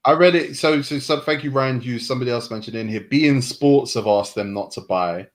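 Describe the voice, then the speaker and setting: An English man hosts a loose football banter show in an animated way, tossing in swear words and side remarks. His voice sits at a middling pitch for a man. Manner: animated, swearing, quick asides. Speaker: host. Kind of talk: casual banter.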